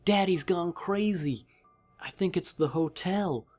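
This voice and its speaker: A man's voice: sits high, takes it slowly, darkish tone, faint music behind, pitched above the performer's own voice. A man voicing a frightened little boy who pleads urgently in a raised voice. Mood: pleading.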